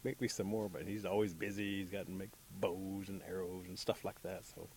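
A man's voice: low-pitched, little pitch movement, a little fast, darkish tone, a little hiss or hum, natural voice. A man voicing a busy, practical village woman cooking in a folk tale, speaking plainly and matter-of-factly.

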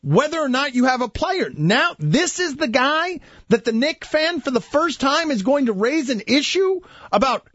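A man's voice: very high-pitched, very animated, normal speed, hardly any pauses, a bit bright, no echo. A man hosting a sports talk radio show, arguing his points emphatically and throwing questions at his co-hosts. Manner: emphatic, questioning, restarts mid-thought. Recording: dull dry studio sound.

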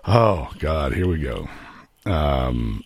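A man's voice: a bass voice, big pitch swings, drawn-out words, husky, no room sound. A man hosting a live stream, giving sarcastic, mocking commentary on clips. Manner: mocking, sarcastic, laughs at own jokes. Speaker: host.

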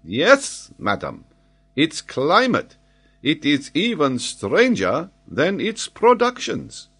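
A man voicing an excitable, impetuous French scholar in an audiobook, speaking vehemently and emphatically. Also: on the high side, takes it slowly, husky, pitched above the performer's own voice, exaggerated voice. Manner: vehement, emphatic, eager to astonish.

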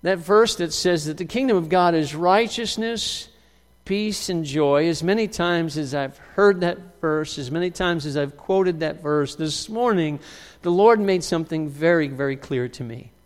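A man delivers an emphatic sermon in a high, ringing voice. His delivery surges loud and then sinks to near quiet. The sound trails off in the long reverb of a large church hall. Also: a little slow. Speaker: pastor.

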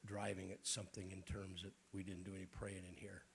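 Raspy low-voiced preacher man. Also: monotone, brisk, a little hiss or hum. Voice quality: raspy, throat-clearing. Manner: folksy, joking preacher talk. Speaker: bishop. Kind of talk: sermon. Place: church.

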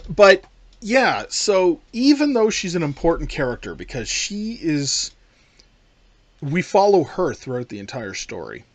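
A man co-hosting a casual talk show, rambling and animated as he discusses a film. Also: a little high, measured pace, dry recording. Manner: animated, rambling with restarts and playful impressions. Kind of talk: casual chat about a film.

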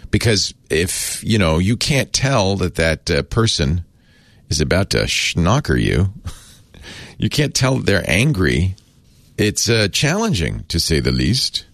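A man with a very deep, gravelly voice talks through a casual explainer in a chatty, wry way. His pitch swings widely as he trails off and restarts. The sound is dry and close. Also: big pitch swings, slow pace, a bit bright, dry recording. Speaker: host explaining a word of the day.

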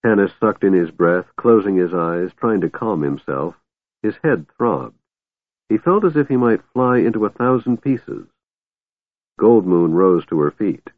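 A man's voice: deep voice, dry recording. Male narrator, thin phone-like sound. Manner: steady, measured storytelling. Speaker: audiobook narrator. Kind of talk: scripted fantasy narration. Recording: narrow phone-like band, dry.

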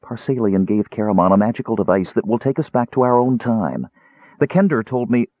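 Man voicing a gentle young woman, soft breathless murmur, husky, tinny line. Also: on the low side, animated, brisk, no room sound, pitched above the performer's own voice. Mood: eager. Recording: tinny phone-like band.

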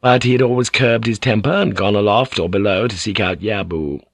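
A man narrates an audiobook with measured, dramatic pacing, his voice low and steady. The recording is close and completely dry, with no room echo. The reading is even and scripted. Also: vocal fry.

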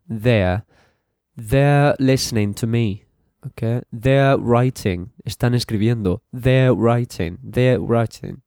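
Slow, low-voiced teacher. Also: male voice, a little mellow, no echo, studio quality. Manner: slow, repetitive drilling, switching to Spanish translations. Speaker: English teacher. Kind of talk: bilingual English lesson podcast.

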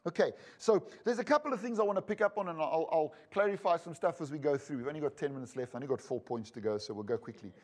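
A high-pitched man delivers a sermon in a conversational way. He reads long scripture passages and slips in wry asides to his listeners. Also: quick pace, few pauses, a little mellow. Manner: conversational preaching with joking asides. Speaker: pastor and Bible school teacher.

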